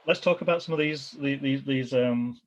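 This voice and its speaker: A man's voice: medium pitch, moderate pace, a little hiss or hum. A man hosting a podcast interview in a casual, rambling way, often restarting his sentences. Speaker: podcast host. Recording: dull lo-fi recording.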